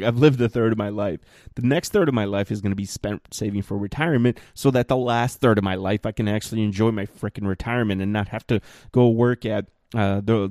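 A man's voice: medium pitch, warm tone, no room sound, studio quality. A man in his thirties hosting a solo podcast, ranting bluntly with exasperated, mocking jabs. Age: 30s. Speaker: podcast host.

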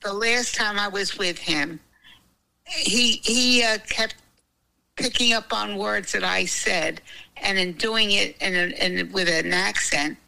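Gravelly older grandmother with Jersey accent. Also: mid-range voice, takes it slowly, pushed and bright, poor audio. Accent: New Jersey. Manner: chatty, wandering, self-conscious about her accent. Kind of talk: casual family chat.

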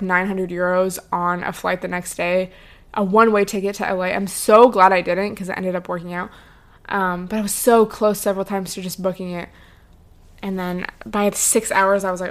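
A young woman hosts her podcast and tells a travel story alone at the mic. She talks in a loose, chatty way, with many fillers and a few swear words, at a middle pitch. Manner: chatty, lots of "like" and "um", swears freely. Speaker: podcast host. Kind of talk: casual storytelling monologue.

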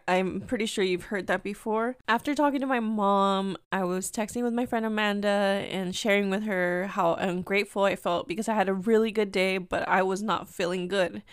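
A woman's voice: mid-range voice, clear, resonant tone, no echo, studio quality. A woman hosting her own podcast, telling a personal story in a candid, rambling, confessional way, slipping into Spanish phrases now and then. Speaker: podcast host.

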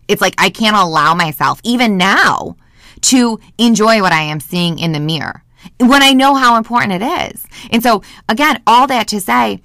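A woman's voice: on the low side, bright, forceful tone, no echo, clean studio sound. A woman hosting a podcast alone, talking passionately and candidly into a microphone, swearing freely, from a closet at home. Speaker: podcast host. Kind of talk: casual motivational monologue. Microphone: studio microphone.

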